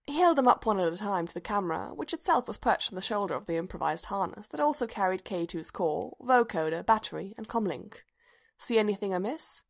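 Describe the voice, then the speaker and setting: A woman reading a story aloud in an even, measured audiobook narration. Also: mid-range voice, gravelly.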